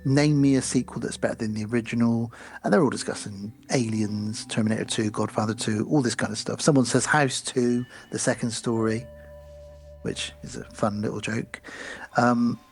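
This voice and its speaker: A man's voice: medium pitch, fairly even intonation, moderate pace, soft background music. A man co-hosting a podcast, rambling chattily through a film recap with many ums. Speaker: podcast co-host. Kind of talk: casual chat recapping a film.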